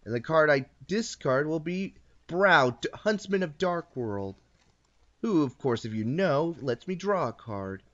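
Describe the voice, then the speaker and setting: A man's voice: a little high, lively intonation, measured pace, a bit bright, dull audio. A man casually narrating his moves in an online card game, teasing his opponent and correcting himself as he goes. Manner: explains each move, playful taunts, frequent self-corrections. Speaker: host and card game player.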